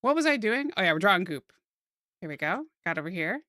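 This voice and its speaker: Soft-spoken giggly American woman streamer. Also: mid-range voice, very animated, brisk, no echo. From United States. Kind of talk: casual chat with stream chat while drawing.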